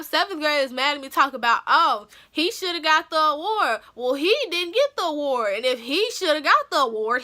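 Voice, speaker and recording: A young woman with a high, bright voice tells a story on her vlog. Her telling is loose, slangy and animated, full of casual asides to her viewers. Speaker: vlogger.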